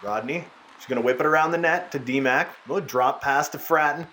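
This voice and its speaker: A young man giving casual, excited play-by-play commentary over a hockey video game, his voice sounding worn out. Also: a little high, a little fast, few pauses, slight background noise. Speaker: gaming YouTuber. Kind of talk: gameplay commentary.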